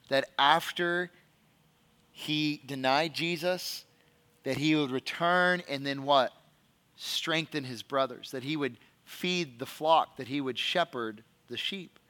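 Bright-voiced man preaching a sermon. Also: on the high side. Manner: reads scripture aloud and asks the congregation questions. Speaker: pastor.

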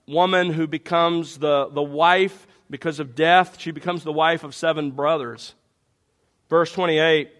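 A man's voice: on the high side, fairly bright tone. A man preaching an expository sermon, reading scripture aloud and pressing the congregation with rhetorical questions. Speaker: pastor.

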